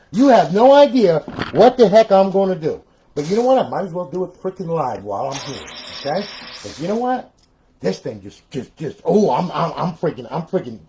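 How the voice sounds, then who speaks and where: A man's voice: a little high, noisy background. A man live-streaming a console repair, ranting in frustration, repeating himself and talking straight to his viewers.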